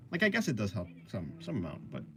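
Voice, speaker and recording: A young man streaming his drawing, chatting casually with his viewers in a rambling, hesitant way full of fillers and soft laughs. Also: fairly low pitch. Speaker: art streamer. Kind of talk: casual chat answering a live chat.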